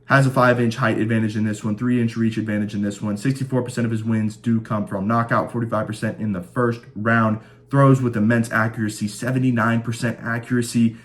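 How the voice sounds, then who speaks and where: A man hosts a casual fight-predictions channel, chatting enthusiastically and rattling off stats as he makes his picks. His voice is medium-pitched, his delivery flat, and he speaks fairly quickly.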